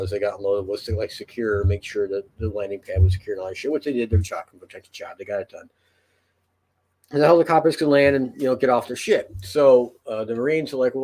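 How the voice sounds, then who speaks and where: A man with a husky, slightly breathy voice tells a long story in relaxed podcast talk. He rambles, restarts his sentences and swears freely. His voice sits at an ordinary middle pitch. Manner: rambling, profane, lots of fillers and restarts. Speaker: podcast host. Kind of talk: casual storytelling.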